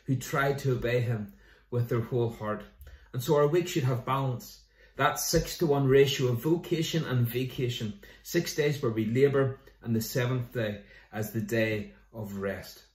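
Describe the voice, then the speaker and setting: A man's voice: on the high side, darkish tone, far from the mic. A man, a pastor giving an online sermon in a conversational way, with jokes and scripture readings. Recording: roomy echo.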